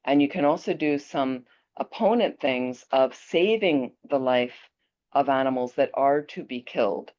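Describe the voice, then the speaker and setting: Low-voiced woman teacher telling stories. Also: a little slow. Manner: animated storyteller, chatty with restarts. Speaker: Buddhist teacher. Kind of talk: teaching talk with personal anecdote. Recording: dull lo-fi audio.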